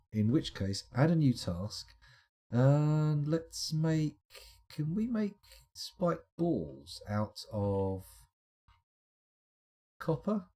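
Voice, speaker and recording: A man's voice: lowish voice, mellow, breathy edge. A man streaming a management game, muttering his choices aloud with wry asides. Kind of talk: casual let's-play commentary.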